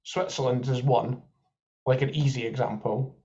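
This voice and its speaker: A man's voice: mid-range voice, steady tone, moderate pace, dark tone, highs cut off. A man co-hosting a podcast, chatting about football and thinking aloud with examples. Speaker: podcast co-host. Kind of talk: live football watchalong chat.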